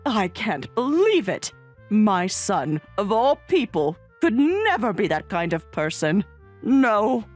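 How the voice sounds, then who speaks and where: Entitled mother in a story drama, indignant and insistent, slow delivery with swinging pitch, a woman acting it. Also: big pitch swings, faint music behind. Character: entitled middle-aged mother, indignant and blaming. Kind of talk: voiced story narration drama.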